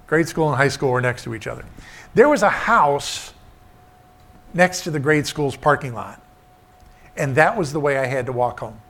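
A man's voice: medium pitch, expressive, moderate pace, pauses often, fairly bright tone. A middle-aged man preaching a sermon, telling a childhood story and repeating short emphatic refrains.

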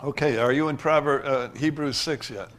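A man preaching a sermon as pastor, emphatic, swinging from loud rises to soft asides. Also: mid-range voice, normal speed.

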